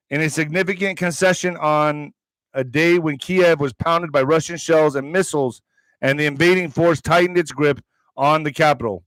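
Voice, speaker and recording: A man's voice: a little high, moderate pace, fairly bright tone, dry recording. A man hosting a political commentary stream, reading headlines aloud and breaking into heated, profane, sarcastic asides. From Mexican heritage.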